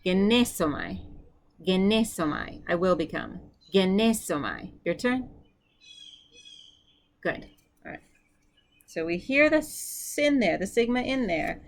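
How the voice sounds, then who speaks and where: A woman's voice: medium pitch, animated, unhurried, long pauses. Upbeat woman teaching a language lesson. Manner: upbeat, encouraging, thinks aloud with fillers. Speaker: Greek teacher. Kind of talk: recorded language lesson with drills.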